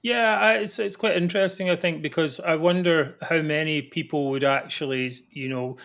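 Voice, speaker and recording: A man's voice: fairly high pitch, normal speed, vocal fry, a bit bright. Chatty man hosting a talk show. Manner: chatty, sardonic, mocking asides. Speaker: host. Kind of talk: live political talk show chat.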